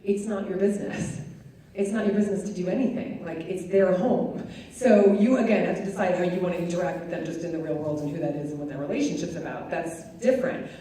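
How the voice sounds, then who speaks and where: A woman's voice: fairly low pitch, quick pace, warm tone. A woman giving a chatty, conversational talk to an audience, with many fillers. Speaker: speaker. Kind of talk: live talk with audience questions. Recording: echoey hall, distant mic, faint noise.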